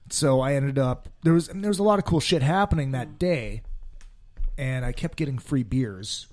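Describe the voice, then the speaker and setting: A man's voice: mid-range voice, lively intonation, normal speed, darkish tone. A man hosting a podcast, telling rambling drinking stories in a loose, swearing way. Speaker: podcast host. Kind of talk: casual podcast chat.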